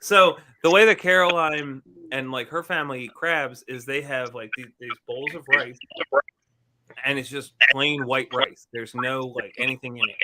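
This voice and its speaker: A man's voice: medium pitch, normal speed, a little hiss or hum. A young man in his twenties chatting casually with his brother, laughing often and swearing freely as he tells stories. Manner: laughs a lot, swears freely, animated storytelling. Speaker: podcast host. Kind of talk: casual chat between brothers.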